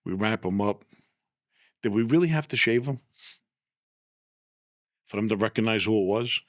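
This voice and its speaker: A man, an animated storyteller who keeps repeating himself and asking "right?" as he recounts a story in casual chat. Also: on the low side, normal speed, dry recording, studio quality. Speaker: former mobster guest.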